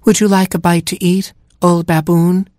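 A man voicing a group of giraffes who shout in high, strained voices in a storybook reading. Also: level tone, normal speed, no room sound, studio quality, lightly acted.

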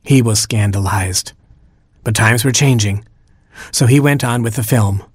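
A man's voice: on the low side, measured pace, husky, no echo. Wry male storyteller, dry sound. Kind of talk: scripted narration.

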